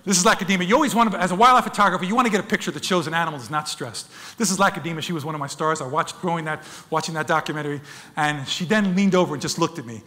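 A middle-aged man giving an animated, excitable storytelling talk about wildlife photography, acting out the animals in funny voices. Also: a little high, racing. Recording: long reverb of a lecture hall.

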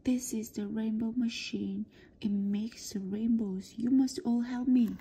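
A woman voicing a nervous new male worker at a rainbow machine, speaking softly and half in a whisper. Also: a little high, fairly even intonation, slow, breathy edge, full character voice. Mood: anxious.

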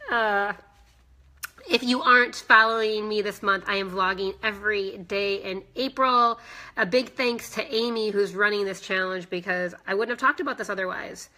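Bright-voiced chatty woman vlogger. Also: medium pitch, fairly even intonation, moderate pace. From United States. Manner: chatty, emotional, addresses live viewers by name. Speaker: fitness instructor vlogger. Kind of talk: live-streamed personal vlog.

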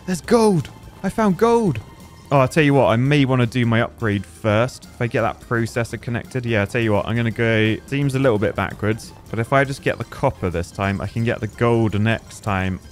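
Excitable man, casual gameplay commentary, mid pitch, light music underneath. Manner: chatty, excitable, exclaims at finds. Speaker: gaming YouTuber.

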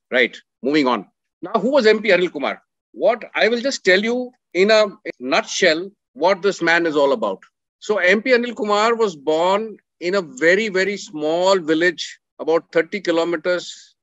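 A man's voice: sits high, fairly bright tone, no echo, muffled recording. A middle-aged man, earnestly telling a story about a coursemate and repeating words for emphasis. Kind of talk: storytelling talk with slides.

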